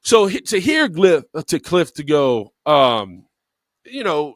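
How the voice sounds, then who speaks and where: Animated man telling a story. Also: on the high side, a little slow, dry recording, studio quality. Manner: animated storyteller, repeats words for emphasis; profane, blunt. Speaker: podcast co-host. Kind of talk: casual storytelling chat.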